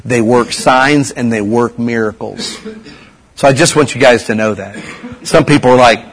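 Man, sermon, husky voice, casual preaching with rhetorical questions. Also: medium pitch, normal speed, poor audio.

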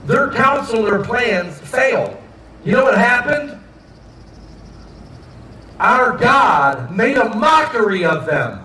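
A man preaching a sermon, moving between soft, quiet asides and loud, emphatic peaks. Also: very high-pitched, very animated, slow, pauses often, distant mic, a little hiss or hum. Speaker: pastor. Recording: echoey room, voice off-mic with faint ambience.

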